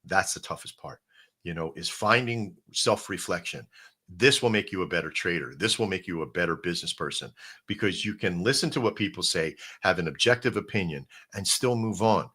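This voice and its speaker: A man's voice: sits low, lively intonation, fairly quick, sharp tone, husky. A man hosting a casual crypto livestream, talking straight to his viewers in a rambling, coach-like pep talk with plenty of restarts. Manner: addresses viewers directly as folks and brother. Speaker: crypto stream host.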